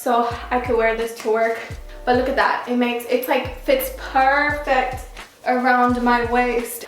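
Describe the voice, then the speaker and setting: A woman's voice: on the high side, little pitch movement, a little slow. A woman hosting a casual try-on vlog at home, playful and chatty, sometimes breaking into song. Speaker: YouTuber. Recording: very echoey room, faint music.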